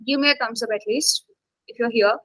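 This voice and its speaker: A woman's voice: on the high side, fairly quick, a bit bright, no echo, rough recording. A woman instructor teaching an online English class, coaxing students to take part, with many fillers.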